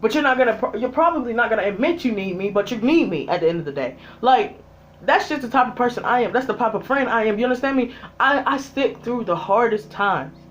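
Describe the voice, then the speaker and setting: The speaker rants in a heated, foul-mouthed way, scolding people who aren't there, with a mid-pitched voice. Loud bursts give way to low grumbles. A faint electrical hum sits under the voice throughout. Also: lively intonation, fast. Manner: heated and exasperated, heavy swearing, talks straight at the absent characters; swings between loud outbursts and low muttered asides. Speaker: vlogger reviewing a TV series. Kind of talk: profane angry rant.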